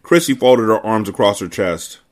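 A man's voice: fairly low pitch, moderate pace. A man hosting a podcast, reading a novel aloud and dropping laid-back, conversational asides. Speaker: podcast host.

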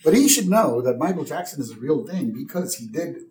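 Lively-voiced man recapping an episode. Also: a little high, a little fast, echoey room. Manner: frequent "uh-huh" and "mm-hmm" backchannels. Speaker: podcast co-host.

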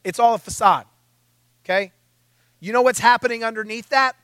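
Male preacher, high bright voice, lively self-mocking storyteller, dry close sound. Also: moderate pace, no room sound. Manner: animated, self-mocking storytelling, acting out his own panic. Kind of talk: sermon. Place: church.

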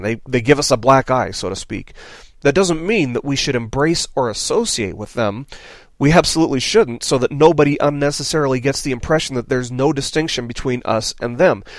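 A man's voice: mid-range voice, dry recording. Earnest male preacher, dry close sound. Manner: earnest, rhetorical questions, drops soft on key phrases. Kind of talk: sermon.

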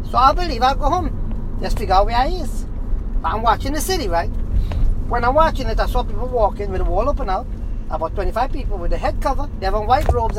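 A man's voice: very high-pitched, background noise. A man telling an emotional personal testimony to a street interviewer, intense and insistent, repeating himself.

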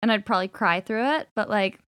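A woman's voice: medium pitch, steady tone, quick pace, a bit bright, no room sound, clean studio sound. A woman from Canada co-hosting a podcast, chatting casually and rambling with lots of "like". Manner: rambling, heavy use of "like", acts out quotes. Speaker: podcast co-host. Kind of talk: casual chat about musicals.

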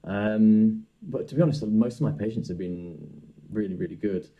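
A man's voice: fairly low pitch, normal speed, muffled recording. A young man, a dentist, hosting a casual podcast interview and talking with many fillers and restarts. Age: young adult.

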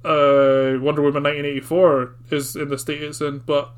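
A man's voice: on the high side, little pitch movement, moderate pace, smooth. A man co-hosting a casual podcast chat, joking, swearing and laughing often. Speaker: podcast co-host.

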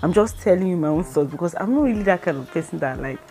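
Nigerian woman giving a lively devotional talk. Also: fairly low pitch, fast talker. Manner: lively, acts out dialogue, mixes in pidgin phrases. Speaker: Christian speaker.

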